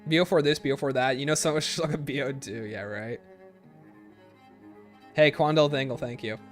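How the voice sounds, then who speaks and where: A man chatting casually on a gaming livestream, answering viewer comments and reeling off long lists in quick succession. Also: faint music behind. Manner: rapid-fire listing, sliding up and down in pitch.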